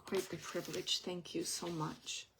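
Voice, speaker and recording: A woman giving a live spirit reading to an audience member, speaking gently and wandering through her impressions with soft asides. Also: on the low side, level tone, measured pace, noisy background. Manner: gentle, meandering, relays messages with soft asides.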